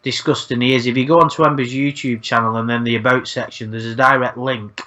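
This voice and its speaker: A man's voice: mid-range voice, steady tone, fast, bright, forceful tone. A man hosting a casual chat, rambling, swearing often and repeating words as he talks. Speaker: channel host. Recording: dull lo-fi sound.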